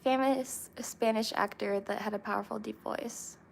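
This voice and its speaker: A young woman chatting casually with viewers, rambling with lots of fillers and pauses. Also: medium pitch, steady tone, gravelly. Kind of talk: casual chat.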